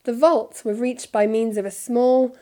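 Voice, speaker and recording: A woman reading a children's novel aloud in steady, clear narration. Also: a little high, measured pace. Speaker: storybook reader.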